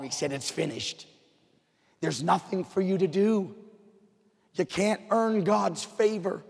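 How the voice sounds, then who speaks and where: Fired-up preacher in a reverberant church. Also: male voice, mid-range voice. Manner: swings from hushed to fired-up emphasis. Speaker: pastor. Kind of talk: sermon. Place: church sanctuary. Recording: long hall reverb.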